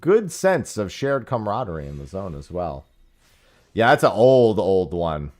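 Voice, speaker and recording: A man's voice: low voice, sing-song, a little slow, a little mellow. A man streaming an online game and chatting casually with viewers, sarcastic and swearing now and then. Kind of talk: casual chat while gaming.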